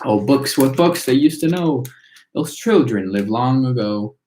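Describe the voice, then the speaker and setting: A man's voice: mid-range voice, lively intonation, unhurried, a little mellow, a little hiss or hum, lightly acted. A man reciting as tiny workers chanting verse. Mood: preachy. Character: chorus of tiny singing factory workers. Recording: roomy echo.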